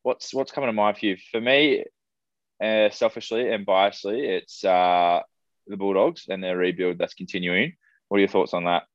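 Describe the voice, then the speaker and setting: Man, young adult, Australian accent, low voice, casual podcast host, dry lo-fi. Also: steady tone, normal speed, no echo. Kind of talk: casual chat. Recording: dry, dull lo-fi sound.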